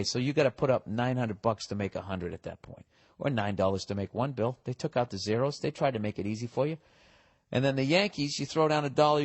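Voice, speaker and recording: A man's voice: medium pitch, no echo. A middle-aged man hosting a podcast, reading listener letters in a casual, profane, sarcastic rant and arguing with himself over the details. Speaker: podcast host.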